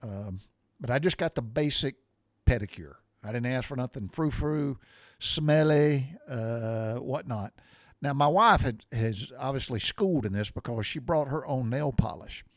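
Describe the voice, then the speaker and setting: This is a man in his sixties talking straight to his audience in an easygoing, folksy way. His pitch sits in a middle range, and he rambles and drifts onto side topics before circling back. The sound is dry and close, with hardly any room echo. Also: a little slow. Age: 60s. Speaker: vlogger. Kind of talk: casual chat.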